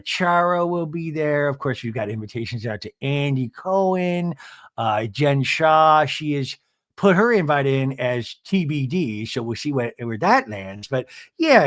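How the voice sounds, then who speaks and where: A man putting on a soft-spoken, self-absorbed reality-TV woman who murmurs her lines. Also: fairly high pitch, dry recording, studio quality.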